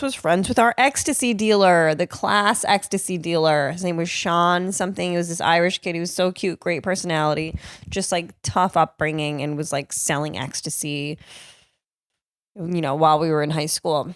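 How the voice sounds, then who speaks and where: A podcast host and comedian from Cape Cod, Massachusetts, tells stories casually into a close mic, cursing and laughing as an animated storyteller on her own show. Her voice is on the low side, and there's no room sound.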